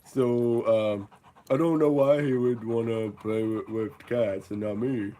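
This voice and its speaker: A man voicing his young male pet dog, who talks slowly and rambles about missing his dad. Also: medium pitch, steady tone, dark tone, a little hiss or hum, close to an everyday voice. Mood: wistful.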